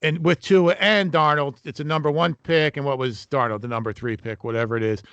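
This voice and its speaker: A man's voice: on the high side, fairly even intonation, a little fast, fairly bright tone, clear, resonant tone, dry recording, highs cut off. A man co-hosting a casual sports podcast, making emphatic point-by-point arguments. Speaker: podcast co-host.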